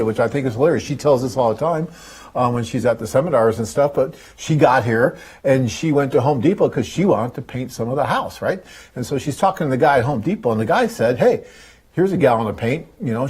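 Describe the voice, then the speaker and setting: Husky-voiced chatty man. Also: mid-range voice, a little mellow. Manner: enthusiastic, rambling, chatty. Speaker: host and company head. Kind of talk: casual live webcast talk.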